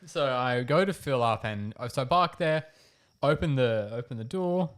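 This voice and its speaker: A man's voice: mid-range voice, animated, moderate pace, clean tone. A young man, a podcast co-host, telling a rambling story in casual chat and laughing through it.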